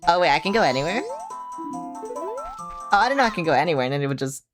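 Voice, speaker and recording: A woman's voice: sits low, lively intonation, fast talker, pauses often. A young woman streaming a video game at home, chatting casually with the game, swearing now and then. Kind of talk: live gameplay commentary. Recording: game music playing underneath.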